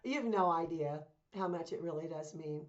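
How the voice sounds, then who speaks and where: Earnest woman spiritual coach, lo-fi. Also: sits low. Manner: earnest, encouraging, slows down to stress points. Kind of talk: casual talk to camera.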